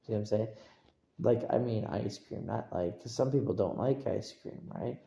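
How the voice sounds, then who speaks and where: Gravelly guy rambling on stream, keeps asking if you get it, echoey room. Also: lowish voice, normal speed, warm tone. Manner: rambling, repetitive, asks for agreement. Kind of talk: casual livestream rambling.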